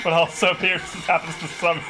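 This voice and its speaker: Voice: medium pitch, flat delivery, brisk, music in the background, poor audio. A gamer chatting casually on voice chat, dropping dry joking asides.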